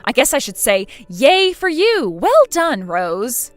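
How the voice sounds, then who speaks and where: A woman voicing a cool, sarcastic young wife in a scripted text-message drama, mocking quietly. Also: fairly high pitch, sing-song, moderate pace, no echo, faint music behind.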